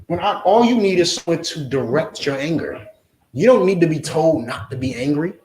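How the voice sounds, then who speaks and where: A blunt, forceful man preaching a confrontational lesson, and he keeps hammering his points home with repeated questions. His voice sits fairly high for a man. It rings around a reverberant room. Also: lively intonation, normal speed, slight background noise. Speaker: Hebrew Israelite teacher.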